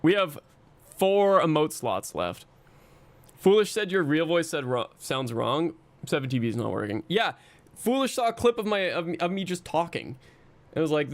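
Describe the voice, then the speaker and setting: A man's voice: on the high side, lively intonation, moderate pace, no room sound. A man streaming and chatting casually with his viewers, rambling and self-mocking, swearing often.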